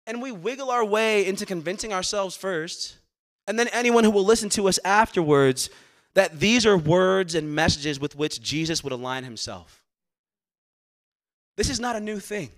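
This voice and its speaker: A man's voice: sits high, pushed and bright. A man as pastor delivering a sermon, earnest, repeating words as he presses his points. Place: church sanctuary.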